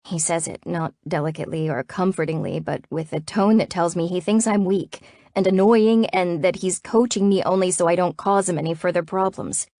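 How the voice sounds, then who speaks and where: A woman narrating a first-person romance audiobook in an expressive way that rises to tense urgency. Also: fairly low pitch, normal speed, no room sound, clean studio sound. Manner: expressive, rising to tense urgency in anxious passages.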